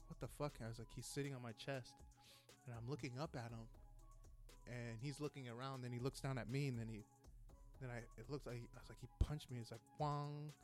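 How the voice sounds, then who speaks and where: A man casually telling a story about a fight in a rambling, profane way, acting out the quoted lines. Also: mid-range voice. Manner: profane, rambling, animated retelling with quoted dialogue.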